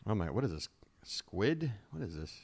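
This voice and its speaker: A man talks through a home-shopping reaction stream, rambling and wry and always drifting onto tangents. His pitch moves around a lot, rising and falling with his asides. The sound is dry and close, with no room echo at all. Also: very animated, normal speed, creaky, darkish tone, breathy edge. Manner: rambling, wry, easily sidetracked. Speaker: live stream host. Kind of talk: casual reaction riffing.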